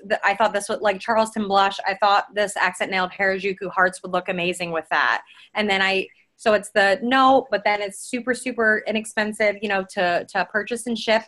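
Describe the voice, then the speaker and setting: A woman's voice: mid-range voice, steady tone, fairly quick, fairly bright tone. A woman chatting casually on a team call, rambling with lots of fillers and restarts as she shares tips. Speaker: team member sharing tips.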